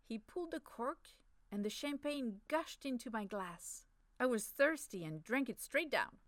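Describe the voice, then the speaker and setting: A woman narrating a first-person story for an audiobook, soft, measured and intimate. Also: on the high side, expressive, no echo, studio quality.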